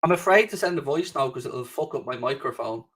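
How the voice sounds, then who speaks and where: A man's voice: medium pitch, expressive, fairly quick, a bit bright, distant mic. A man hosting a casual live stream at home, chatting loosely, swearing freely and reading out viewer comments. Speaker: livestream host. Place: home studio.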